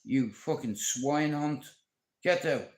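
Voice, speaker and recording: A man's voice: fairly high pitch, takes it slowly, darkish tone, roomy sound. Brash sweary Dublin man vlogging. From Ireland. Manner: brash, sweary, puts on voices for bits. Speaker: YouTube vlogger. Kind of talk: rambling casual vlog.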